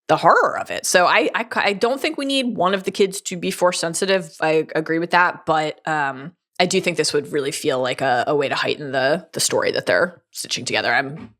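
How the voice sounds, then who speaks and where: A woman co-hosting a podcast, talking through her ideas in an animated, casual way and laughing often. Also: sits low, a little fast, hardly any pauses. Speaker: podcast co-host. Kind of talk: casual analytical chat.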